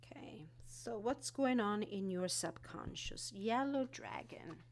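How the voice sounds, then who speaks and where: A woman walking through an oracle card deck, reading card texts and explaining them in an unhurried way. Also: medium pitch, lively intonation, in a whisper. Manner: unhurried, reads card text then explains with fillers.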